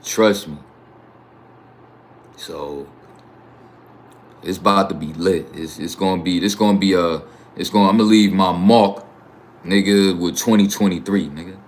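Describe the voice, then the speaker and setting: A man's voice: deep voice, steady tone, a little slow, pauses often, darkish tone, a little hiss or hum. A young man with a New York accent, chatting boastfully on his livestream in heavy slang and profanity. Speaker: YouTube livestreamer. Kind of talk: casual livestream chat.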